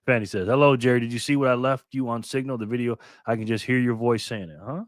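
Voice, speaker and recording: An older man hosting a casual live stream, loudly greeting viewers by name and muttering to himself while he fiddles with his phone. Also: medium pitch, fairly even intonation, quick pace, no echo, clean studio sound. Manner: loud upbeat shout-outs, drops to mutters while fiddling with phone.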